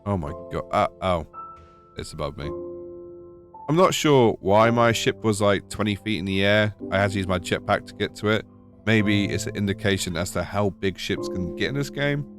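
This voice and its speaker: A British man with a lowish voice narrates a gaming video in a dry, sarcastic way. Soft music plays underneath. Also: fairly quick. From United Kingdom. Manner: wry, sarcastic. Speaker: gaming YouTuber. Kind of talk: scripted gaming voice-over. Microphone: voice-over.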